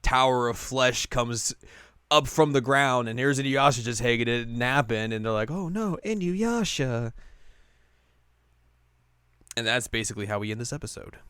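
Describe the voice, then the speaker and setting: A man's voice: medium pitch, little pitch movement, brisk, sharp tone, clear, resonant tone, no room sound. A man co-hosting a casual anime recap, playfully telling the plot and acting out characters' lines. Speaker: co-host recapping an anime episode. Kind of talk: casual chat.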